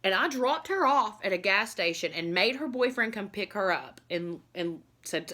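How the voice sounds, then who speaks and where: A woman's voice: medium pitch, expressive, normal speed, few pauses, sharp tone. Rambling, confessional woman vlogger. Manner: rambling, filled with "like" and "you know"; earnest and confessional. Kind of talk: candid personal storytelling to camera.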